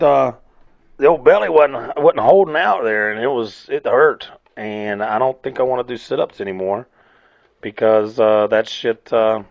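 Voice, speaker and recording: A man hosting a casual solo rant, rambling and swearing freely, laughing at himself. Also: fairly low pitch. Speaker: podcast host.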